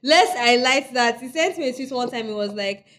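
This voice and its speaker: Nigerian lady host, bright voice, super animated, teasing her brother. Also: fairly high pitch, moderate pace. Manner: playful teasing, laughs often, mixes in Yoruba. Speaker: podcast host. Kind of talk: casual chat.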